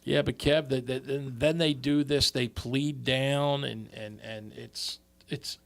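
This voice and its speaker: A man's voice: medium pitch, steady tone, gravelly. A man co-hosting a podcast in casual chat, who stumbles and repeats words as he starts and swears often. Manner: halting, repeats words when he starts, profane. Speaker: podcast co-host.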